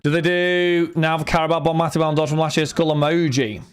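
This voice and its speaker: Scouse young man, card break streamer, rambling casual chat, slightly high voice. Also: fairly even intonation, fairly quick, clear, resonant tone, soft background music. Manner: rambling, chatty, talks to chat and friends.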